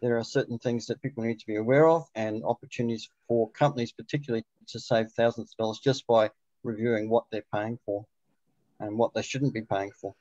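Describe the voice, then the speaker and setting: A man's voice: medium pitch, fairly even intonation, a little fast, warm tone, dry recording, lo-fi sound. A man introducing his work on a video call, hesitant and full of ums. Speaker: meetup attendee introducing his business. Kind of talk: casual self-introduction.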